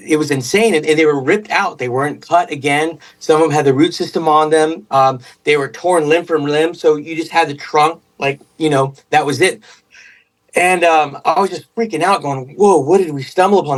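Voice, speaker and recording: A man, a podcast guest, telling a story in casual chat in an excitable, rambling way with many restarts. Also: fairly high pitch, far from the mic, low-quality recording.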